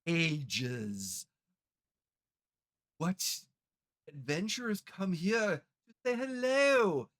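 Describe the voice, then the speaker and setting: A game master voicing a gloating undead male lich villain who delivers a slow, drawn-out, menacing monologue in a tabletop game. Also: mid-range voice, a bit bright, full character voice.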